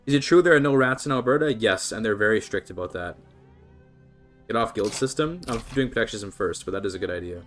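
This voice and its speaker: This Canadian livestreamer from British Columbia chats casually through a strategy game, relaxed and responsive to the messages in his chat. His lowish voice is animated, fast and fairly bright, with soft music in the background.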